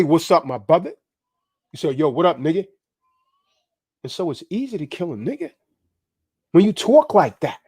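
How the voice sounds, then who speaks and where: A man's voice: sits high, darkish tone, slightly rough, no room sound, clean studio sound. A man hosting a live stream, preaching and exhorting his listeners, often ending lines with "man". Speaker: livestream host. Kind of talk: impassioned preaching livestream.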